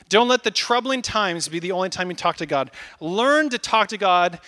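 A man in his thirties preaching a casual, animated sermon, acting out little asides as he goes. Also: high-pitched, normal speed, few pauses. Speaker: pastor.

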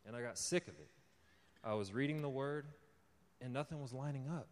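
A young lay preacher gives an informal sermon testimony to a live audience, telling his story conversationally, laughing often, and building to fervent encouragement. His voice is mid-range and brisk, with long hall reverb on the recording.

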